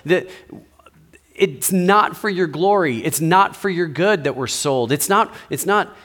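A man's voice: fairly high pitch, animated, a little slow, fairly bright tone. A pastor giving a sermon, speaking in a conversational way and asking his listeners rhetorical questions.

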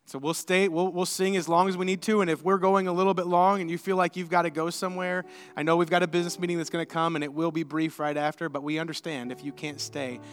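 A middle-aged man preaching as a pastor, telling a personal story in a conversational, animated way before leading prayer. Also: sits high, fast talker, few pauses, smooth. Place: church sanctuary. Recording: church hall with long reverb.

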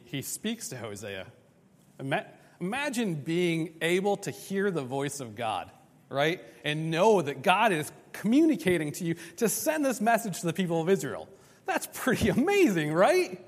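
A man delivers a lively, conversational sermon, acting out little scenes. His voice sits on the higher side for a man. A long reverb from a large hall trails his words. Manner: animated, conversational, acts out dialogue. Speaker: preacher.

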